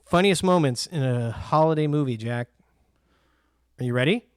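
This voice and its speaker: Animated man retelling movie scenes. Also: a little high, normal speed, clear, resonant tone, no room sound, clean studio sound. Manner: animated storyteller, acts out scenes, laughs often. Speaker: podcast co-host. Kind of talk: casual chat about movies.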